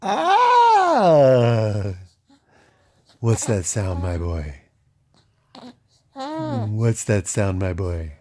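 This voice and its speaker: A man's voice: low voice, extremely slow, long pauses, mellow, slight background noise. A man reading a picture book aloud to his baby son in playful, sing-song baby talk, making animal noises at home.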